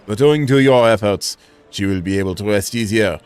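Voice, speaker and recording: A man's voice: lowish voice, fairly quick, darkish tone, smooth, no echo, faint music behind, lightly acted. A man voicing a courteous male attendant, reading his game lines in a formal, solemn way.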